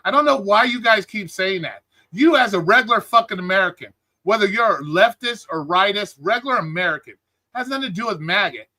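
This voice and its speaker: A man's voice: high voice, lively intonation, brisk, sharp tone. A man hosting a live stream, delivering an angry, profane political rant and greeting chat viewers by name. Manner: angry, heated, swearing constantly. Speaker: livestream host.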